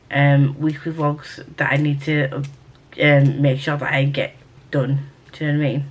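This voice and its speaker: Young woman rambling about books at home, chatty and self-mocking, swears a bit. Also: low voice. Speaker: book vlogger. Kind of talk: casual vlog chat to camera.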